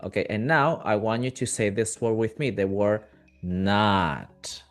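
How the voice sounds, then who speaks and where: A man's voice: fairly low pitch, normal speed, faint music behind. A man whose first language is Spanish teaching a live online English pronunciation class over a video call, patient and encouraging as he models sounds.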